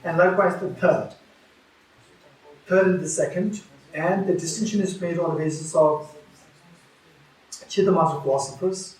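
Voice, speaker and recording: A man's voice: a little high, fairly even intonation, moderate pace, pauses often, heavy reverb, far from the mic, low-quality recording. A man giving a Buddhist teaching at a retreat, repeating key phrases and restarting often.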